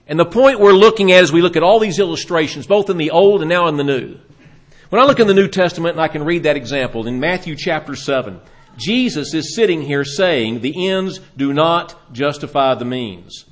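A man delivering a sermon in a fairly high voice. He retells scripture stories with drama and briefly acts out the people in them. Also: brisk. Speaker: preacher.

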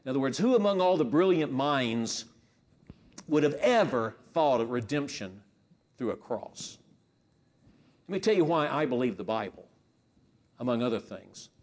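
Male preacher, mid-pitched, emphatic sermon delivery with rhetorical questions. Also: lively intonation, moderate pace, long pauses. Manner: emphatic, rising and falling in loudness, rhetorical questions.

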